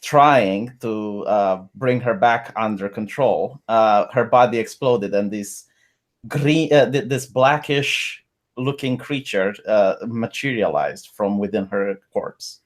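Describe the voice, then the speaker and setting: A man playing a tabletop game, recounting events in character in an earnest, halting way with many "uh"s. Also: on the low side. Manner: earnest, hesitant storytelling with many "uh"s.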